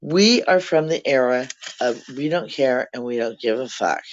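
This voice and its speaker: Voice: mid-range voice, lively intonation, moderate pace. A vlogger in their sixties ranting to camera in a blunt, profane, rambling way from their apartment. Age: 60s. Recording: dull lo-fi sound.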